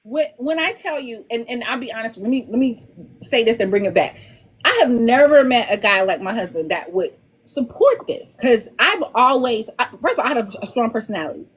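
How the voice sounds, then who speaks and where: Husky, animated woman author chatting. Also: a little high, a little fast. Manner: animated, laughs often, repeats words. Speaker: author guest. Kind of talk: casual podcast chat.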